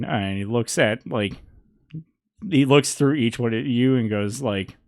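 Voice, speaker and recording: Man, game master, gravelly, lowish, dry close sound, casual. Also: unhurried, no room sound. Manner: laughing, loose and casual. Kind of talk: narrating a tabletop game.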